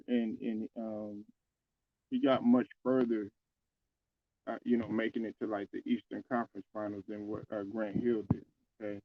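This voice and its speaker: A man with a lowish voice talks through his sports opinions in a loose, rambling way, stopping and restarting often. The sound is dry and a little dull. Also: level tone, a little slow, dry recording. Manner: loose and conversational, many fillers and restarts. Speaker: sports commentator. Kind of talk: casual basketball opinion talk.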